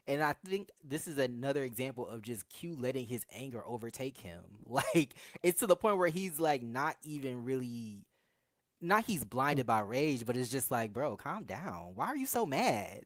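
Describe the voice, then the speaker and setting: A woman's voice: rumbling low, no room sound. A chatty woman recaps a reality show in loose, casual talk. She laughs often and slips into quoted voices as she tells it. The sound is close and dry. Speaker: podcast co-host reviewing a reality show.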